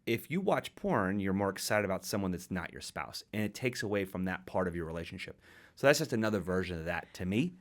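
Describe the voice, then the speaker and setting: A man's voice: low voice, sing-song, fast talker. A man hosting a casual podcast, talking in an enthusiastic, jokey way.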